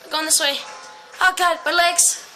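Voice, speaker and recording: A woman's voice: very high voice, steady tone, normal speed, very noisy. A woman hosting a horror game let's play, jumpy and panicky, swearing and talking to her viewers. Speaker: gaming channel host. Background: game music.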